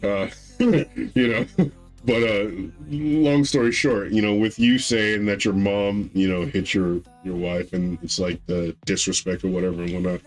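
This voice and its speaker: Rambling man in his thirties, low voice. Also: steady tone, a little slow, faint music behind, low-quality recording. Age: 30s. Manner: rambling, acts out quotes with raised pitch. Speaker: podcast co-host. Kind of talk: casual storytelling chat.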